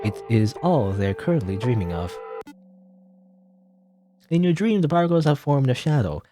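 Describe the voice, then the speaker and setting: A man's voice: mid-range voice, lively intonation, normal speed, dark tone, no echo, faint music behind. A man hosting a let's play, reading a game's text aloud with playful, laughing asides.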